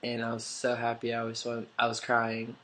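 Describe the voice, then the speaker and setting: A man with a stuffy nose talks straight into his camera in a loose, rambling vlog, tossing in "like" and casual swearing. His voice sits at an ordinary pitch but barely moves up or down. A faint hiss runs under the recording. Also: monotone, normal speed, bright, forceful tone. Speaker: vlogger. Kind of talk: casual confessional storytelling.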